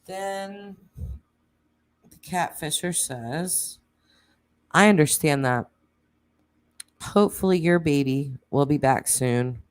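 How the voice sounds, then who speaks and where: A woman hosting a true crime channel, reading text messages aloud in a plain way, with pauses and casual asides. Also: low voice.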